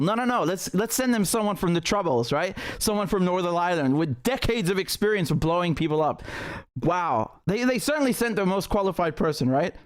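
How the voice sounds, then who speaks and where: Indignant high-voiced male commentator. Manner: indignant, swearing, emphatic; many fillers and restarts while ranting. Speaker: host of a live political commentary stream. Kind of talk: live commentary on news footage.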